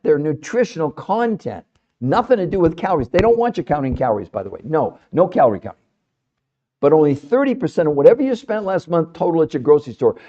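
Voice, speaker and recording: Male podcast host, fired-up and emphatic, mellow darker tone, slightly dull lo-fi recording. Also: a little high. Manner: animated, emphatic, fond of rhetorical questions. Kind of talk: impassioned health talk to an audience.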